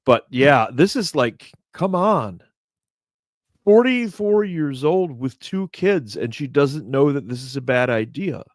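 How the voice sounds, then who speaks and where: A man in his fifties co-hosting a casual talk show, animated and indignant, his voice jumping up when he gets worked up. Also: medium pitch, measured pace, hardly any pauses, no echo, studio quality. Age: 50s. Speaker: podcast co-host.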